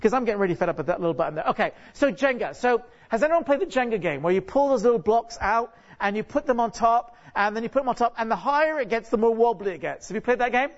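A man's voice: very high voice, animated, quick pace, few pauses. Chatty man preaching, dull lo-fi sound. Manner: chatty, jokey, asks the congregation many rhetorical questions; frequent restarts and repeated words. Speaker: guest preacher. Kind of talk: conversational sermon. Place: church, on a stage. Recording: dull lo-fi recording.

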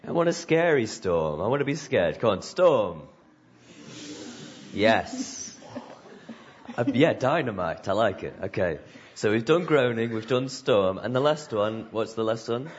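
A man's voice: fairly low pitch, animated, moderate pace, dull audio, a little hiss or hum. A man leading a church group through a story game, joking and coaxing people to join in. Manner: jokey, coaxing the audience. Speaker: children's church leader.

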